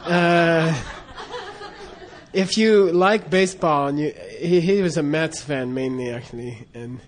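Guy rambling through a funny story, lots of uhs, laughs a lot, bit high voice. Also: slow. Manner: rambling, many fillers and restarts, laughs often. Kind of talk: casual anecdote telling.

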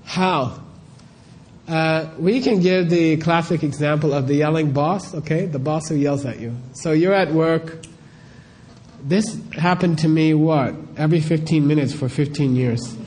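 Middle-aged male teacher, slightly high mellow voice, casual conversational delivery, peppers his talk with rhetorical questions. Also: unhurried, a little hiss or hum. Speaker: spiritual teacher.

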